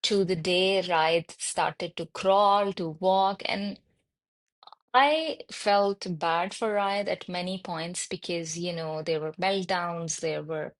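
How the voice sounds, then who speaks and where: A woman in her thirties, a podcast guest telling candid stories about raising her children in an unhurried, reflective way. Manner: unhurried, reflective, voices her son's lines higher. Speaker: podcast guest, mother of autistic twins. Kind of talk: candid personal storytelling.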